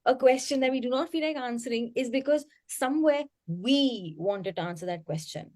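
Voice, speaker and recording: Woman panelist, earnest and animated, bright higher pitch, dry sound. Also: normal speed, dry recording. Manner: earnest, animated, often says "you know". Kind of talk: conversational panel discussion.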